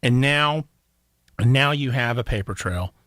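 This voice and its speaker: Bright, animated young male co-host, joking, teasing, dry close studio sound. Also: mid-range voice, a little slow, no echo. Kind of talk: casual radio talk show banter.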